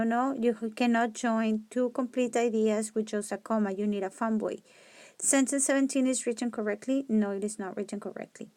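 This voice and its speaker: A woman's voice: fairly high pitch, no echo. A woman teacher working through grammar test questions aloud, rereading sentences and correcting herself as she reasons. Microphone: screen-recording mic on a tablet.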